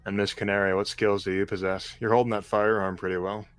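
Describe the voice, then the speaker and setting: A man's voice: lowish voice, level tone, fast, no room sound, natural voice. A man doing a blunt Irish tough. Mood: wry. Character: gruff male Irish tough in a tabletop game.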